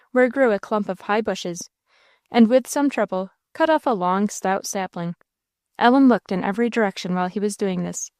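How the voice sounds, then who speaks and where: A woman narrates a classic novel in a measured, expressive way. Her voice sits at a middling pitch, and the recording is dry and close, with no room sound. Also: clear, resonant tone, dry recording. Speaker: audiobook narrator. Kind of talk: scripted narration.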